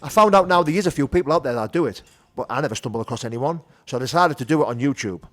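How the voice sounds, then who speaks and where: A middle-aged man from the North of England speaks, pouring out candid stories in a quick, rushing flow. His voice sits at an ordinary pitch, and he keeps checking in with "do you know what I mean?" as he goes. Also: expressive, fairly bright tone. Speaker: podcast guest. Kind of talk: candid conversational storytelling.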